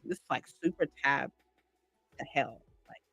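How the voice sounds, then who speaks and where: A woman's voice: rumbling low, moderate pace, gravelly, a bit bright. A woman chatting on a livestream, rambling and gushing with lots of "like" and "right?". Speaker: streamer. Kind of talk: casual livestream chat.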